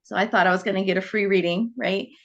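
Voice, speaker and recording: Speaking fast at a medium pitch, a woman in her forties who works as a psychic medium recounts her story on a podcast. She is animated and performs the dialogue herself, and the recording has its highs cut off.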